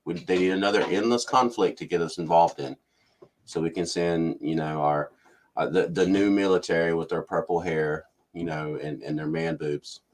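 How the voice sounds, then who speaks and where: A man's voice: deep voice, steady tone, moderate pace. A man hosting casual political commentary, ranting and mimicking officials. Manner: ranting, mocks officials in put-on voices. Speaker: commentary channel host.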